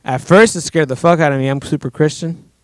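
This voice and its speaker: Guest storyteller, male, higher register, crisp tone; profane, rambling delivery. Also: brisk, dry recording. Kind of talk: casual podcast chat.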